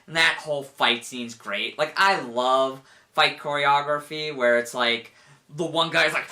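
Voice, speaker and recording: A young man talks through his thoughts in a loose, rambling way, leaning on "like" and jumping into animated retellings. His voice is bright and forward at a middle pitch. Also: normal speed. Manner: rambling, full of "like", animated quoting with laughs. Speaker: reviewer. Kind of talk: casual spoken review.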